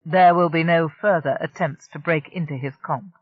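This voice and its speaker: An audiobook narrator voicing a male crime-family enforcer who speaks smoothly and issues quiet threats. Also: medium pitch, moderate pace, no room sound, narrow, tinny audio, natural voice. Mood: cool menace.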